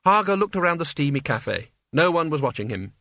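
A man narrating an audiobook in a wry, measured storytelling manner. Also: fairly high pitch, sing-song, creaky, pushed and bright, no room sound. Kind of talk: scripted narration.

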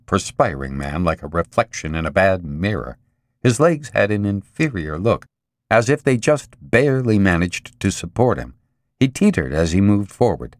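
A man narrating an audiobook in an expressive, dramatic storytelling manner. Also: low voice, no room sound, studio quality. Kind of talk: scripted narration.

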